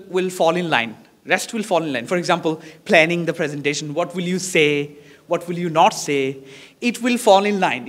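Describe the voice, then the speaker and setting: Encouraging Bangladeshi-accented male teacher, high voice. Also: fairly bright tone. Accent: Bangladeshi English. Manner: encouraging, repetitive, demonstrates poses while talking. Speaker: English teacher. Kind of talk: classroom lesson on presentation skills.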